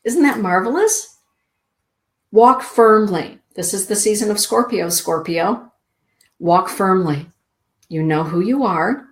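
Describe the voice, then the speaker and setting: A middle-aged woman hosting a spiritual show, giving card readings to listeners in a soft, slow, drawn-out inspirational way. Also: medium pitch, animated. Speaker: show host and card reader.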